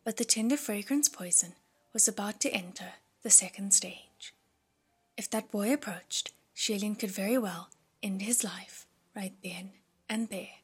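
A woman narrating an audiobook in a soft, breathy voice. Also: mid-range voice. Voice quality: breathy, husky.

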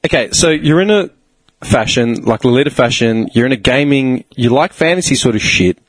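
A man in his thirties from Australia, chatting casually on a podcast in a rambling, sweary, animated way. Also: mid-range voice, moderate pace, dry recording, low-quality recording. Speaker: podcast co-host. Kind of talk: casual chat.

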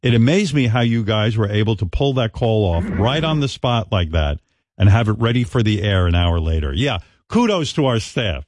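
A man's voice: on the low side, big pitch swings, moderate pace, darkish tone, no room sound, studio quality. A man hosting a radio show in casual banter, blunt and teasing, often laughing.

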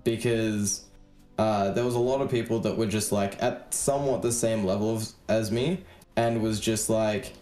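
A man's voice: lowish voice, steady tone, normal speed, dark tone, soft background music. A man with an Australian accent, co-hosting a podcast in casual chat, laid-back, swearing freely and using lots of fillers. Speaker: podcast co-host.

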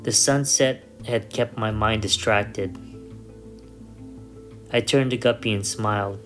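Low voiced guy reading a story, calm and measured, quiet guitar under him. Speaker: narrator. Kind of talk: first-person story reading. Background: soft guitar music.

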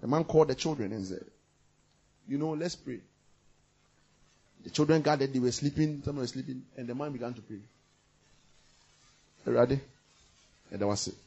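A man preaching a sermon with passion, repeating phrases and swinging from loud bursts to quiet murmurs. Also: medium pitch, brisk, pauses often, breathy edge, highs cut off. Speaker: pastor.

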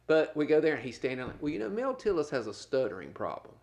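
A gravelly middle-aged man spins a story for a podcast. His voice swings up and down as he goes, and he laughs as he talks. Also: a little high, big pitch swings, fast talker, a little mellow. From North Carolina, US. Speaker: podcast co-host. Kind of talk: casual storytelling chat.

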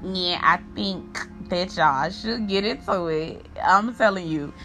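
A woman with a bright, forceful voice hosts a podcast in a loose, animated way. She reviews a horror movie with profane slang and keeps breaking into laughter, and faint music plays behind her. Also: on the low side, slow pace. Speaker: podcast host.

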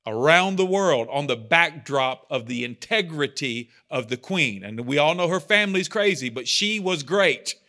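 A man's voice: fairly high pitch, animated, normal speed, few pauses, bright, forceful tone. A man speaking as a pastor, giving a casual, rambling sermon with self-deprecating asides.

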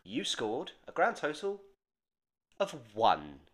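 A man's voice: medium pitch, huge pitch swings, slow, fairly bright tone. A man hosting quiz games on a casual comedy podcast, playful and laughing often. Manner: playful, laughs a lot, quiz-show announcing.

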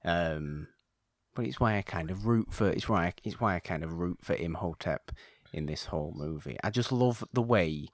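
Speaking at a moderate pace, a very low-voiced man keeps a casual podcast conversation going as its steady host. He rambles eagerly and repeats words, and the recording is close and dry, without any room echo.

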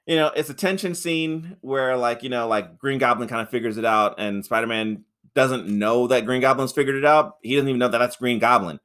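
In a rambling, foul-mouthed film review, a male podcast co-host laughs frequently and acts out characters with high voices. He talks a little fast with few pauses, and his tone is slightly bright.

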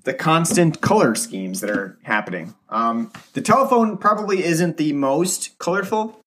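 A man co-hosting a casual film podcast, talking in a hesitant way with many pauses and fillers. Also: fairly high pitch, animated, fairly bright tone. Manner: hesitant, many ums and uhs. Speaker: podcast co-host.

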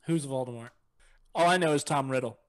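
A man co-hosting a podcast, answering quiz questions with terse, deadpan replies. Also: mid-range voice, brisk. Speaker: podcast co-host. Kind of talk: casual chat.

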